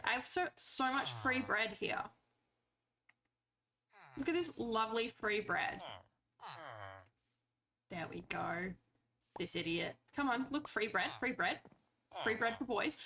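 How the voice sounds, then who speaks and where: A woman's voice: on the high side, animated, measured pace, pauses often, crowd noise. A woman streamer chatting playfully through her gameplay, talking to the characters on screen and swearing casually.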